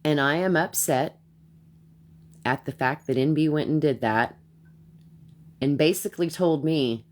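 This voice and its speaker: A woman's voice: sits low, unhurried, long pauses, a little mellow. A woman streaming a heated live rant, blunt and profane, who repeats herself as she gets worked up.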